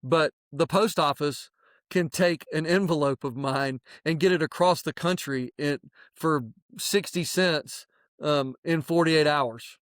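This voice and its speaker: A man co-hosting a podcast, giving animated, plain-spoken advice in casual chat with some mild swearing. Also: fairly high pitch, a little slow, dry recording, studio quality. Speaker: podcast co-host.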